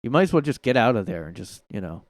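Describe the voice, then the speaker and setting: A man's voice: medium pitch, sing-song, fast, no room sound. A man hosting a casual solo commentary podcast from his room, talking in a sarcastic, mocking way and laughing at his own jokes. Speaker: podcast host. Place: home room.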